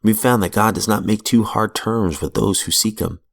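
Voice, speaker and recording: A man reading aloud from a recovery book in a measured, earnest way, with brief asides, into a close mic in a small room. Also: lowish voice, creaky. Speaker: reader of recovery literature.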